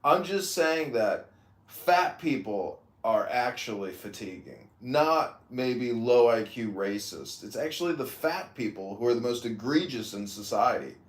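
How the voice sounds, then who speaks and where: A man's voice: mid-range voice, sing-song, measured pace, roomy sound. A man hosting a casual chat show, teasing and mocking his callers.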